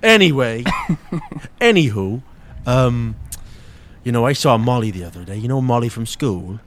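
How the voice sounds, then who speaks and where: A man's voice: medium pitch, expressive, a little slow, natural voice. A man improvising as an awkward, lonely postman who rambles and hesitates. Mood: sheepish. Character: awkward lonely male postman, middle-aged. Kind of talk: improvised comedy sketch.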